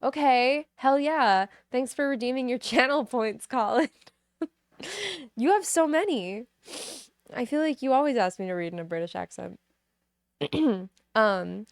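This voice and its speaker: A woman's voice: a little high, animated, unhurried, long pauses, no echo, clean studio sound. A young woman streaming live, chatting with her viewers between giggles and reading a novel aloud. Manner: giggly, chatty, reacting to chat messages. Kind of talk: casual live-stream chat with book reading.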